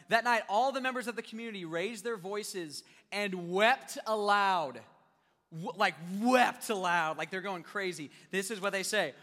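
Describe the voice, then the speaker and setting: Animated young preacher, bright high voice. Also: male voice. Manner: animated, joking with the crowd, acting out scenes. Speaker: youth pastor. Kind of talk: sermon. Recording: long reverb of a large hall.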